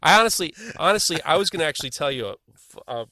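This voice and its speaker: A middle-aged man with a bright, forceful voice tells a rambling story in casual chat. He stammers and restarts as he goes, animated throughout. The sound is dry and close. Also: a little high, racing, no echo.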